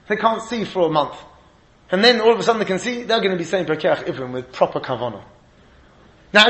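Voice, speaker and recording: A man giving a Torah lecture, emphatic and animated, laughing often and mixing in Hebrew and Yiddish terms. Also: very high-pitched, echoey room, rough recording. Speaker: rabbi giving a shiur.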